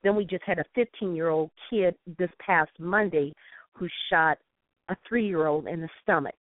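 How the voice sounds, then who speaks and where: A woman's voice: lowish voice, normal speed, no room sound. A woman from St. Louis calling in to a talk show, telling an impassioned story with quoted dialogue. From St. Louis, USA. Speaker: call-in guest. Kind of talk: phone call-in talk show. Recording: tinny dry phone line.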